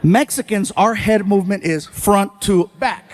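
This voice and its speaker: A male stand-up comedian telling stories in an animated way and talking to the audience. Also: high-pitched, measured pace. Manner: animated storytelling, talks to the crowd.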